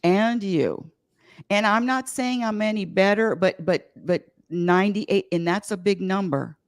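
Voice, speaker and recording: A woman's voice: medium pitch, a little slow, no room sound, studio quality. A woman who teaches happiness classes, talking casually as an interview guest, emphatic and repeating her points. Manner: emphatic, repeats phrases, sudden loud bursts.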